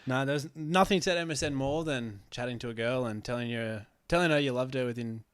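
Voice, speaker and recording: A man's voice: medium pitch, brisk, clean tone, no room sound. Teasing man, dry studio sound. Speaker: podcast co-host. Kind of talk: casual chat.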